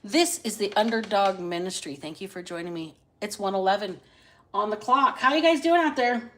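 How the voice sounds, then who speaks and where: A woman hosting a casual live-stream reading into a phone, chatty and salty, stretching out single words between quick asides. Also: mid-range voice, fairly bright tone, slight background noise. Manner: chatty, drawls single words then talks fast. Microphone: phone camera.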